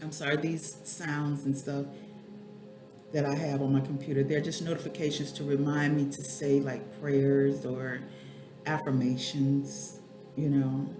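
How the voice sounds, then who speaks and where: A woman's voice: a bass voice, little pitch movement, unhurried. A middle-aged woman speaks candidly in an emotional home vlog, rambling and teary, sometimes addressing herself by name. The room is echoey, with faint music underneath. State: teary, eyes watering. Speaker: spiritual life coach and vlogger.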